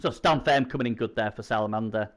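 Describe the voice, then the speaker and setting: A man doing chatty live video game commentary, swinging from low muttering to excited shouts. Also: quick pace. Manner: chatty, opinionated, talks to himself.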